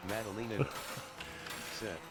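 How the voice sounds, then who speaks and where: A man's voice: lowish voice, fairly even intonation, a little slow. A man co-commentating a live game match, reading out viewer messages with dry asides.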